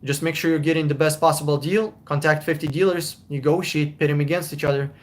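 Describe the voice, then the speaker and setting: Blunt, high-voiced man answering car questions. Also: steady tone, fast talker. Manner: blunt, swears freely, repeats himself for emphasis. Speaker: car buying consultant, live stream host. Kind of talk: casual live stream Q&A reading comments.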